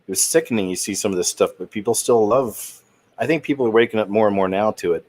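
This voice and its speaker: A man's voice: on the low side, fast talker, darkish tone. A man hosting his own channel, talking in a rambling, indignant commentary with trailing restarts. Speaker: channel host. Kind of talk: casual commentary monologue.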